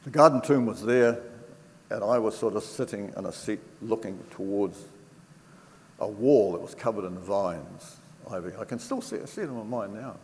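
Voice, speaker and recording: An older man giving a personal faith testimony to an audience, telling it earnestly and from the heart, with pauses and restarts. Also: fairly low pitch, a little mellow. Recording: reverberant hall with faint background noise.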